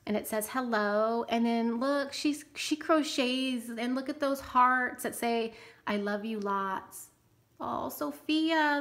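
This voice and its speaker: Gushing woman host, slightly high voice. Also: a bit bright. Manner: gushing and enthusiastic, frequent exclamations. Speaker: channel host. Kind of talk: casual unboxing vlog.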